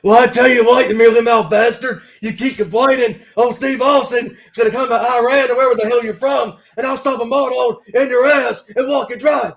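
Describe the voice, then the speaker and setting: A man doing a comedic impression of a brash, trash-talking Texan wrestler who makes loud threats. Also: extremely high pitch, fairly even intonation, a little fast, few pauses, voice pushed up.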